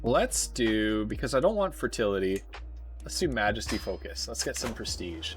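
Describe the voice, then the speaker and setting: A man with a Canadian accent giving casual, rambling live commentary as he plays a strategy game, often pausing on filler words. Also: lowish voice, sing-song, faint music behind. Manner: rambling, thinking aloud with frequent filler pauses. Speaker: streamer.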